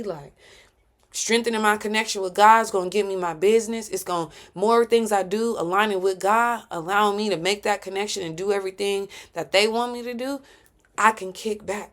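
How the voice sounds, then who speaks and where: A woman hosting her own podcast, speaking in a heartfelt, preachy solo reflection full of slang. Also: medium pitch. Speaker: podcast host.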